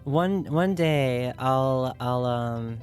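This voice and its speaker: A woman's voice: very deep voice, extremely slow, a little mellow, soft background music. A woman streaming games and chatting casually with viewers, playful and teasing, often giggling.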